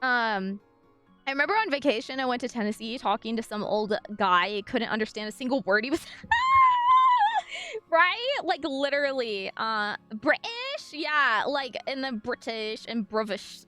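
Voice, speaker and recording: A young woman streamer from French Canada, bubbly and rambling as she talks with her chat. Her voice sits high and swoops all over, with faint music playing behind her. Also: animated, normal speed, pushed and bright. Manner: bubbly, rambling, full of fillers and sudden squeals. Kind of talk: casual live-stream chat. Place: home streaming room.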